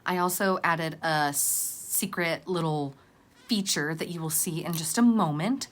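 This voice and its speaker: Woman, crafting vlog narration, rambling, self-deprecating, lowish pitch. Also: a little slow. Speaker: crafting vlogger. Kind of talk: casual crafting tutorial narration.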